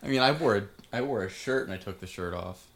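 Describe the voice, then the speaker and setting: Low gravelly man with deadpan asides. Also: quick pace. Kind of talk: casual chat.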